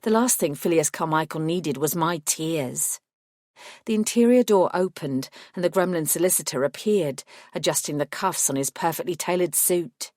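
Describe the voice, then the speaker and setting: A woman reading a first-person fantasy audiobook in a measured, even storytelling voice. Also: low-pitched, no room sound, clean studio sound. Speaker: audiobook narrator.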